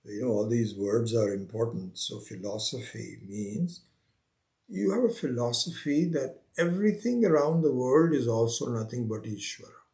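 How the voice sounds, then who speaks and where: A man teaching a spiritual scripture class, unhurried, repeating his phrases and acting out the seekers he quotes. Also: mid-range voice, expressive, a little mellow. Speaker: Vedanta teacher.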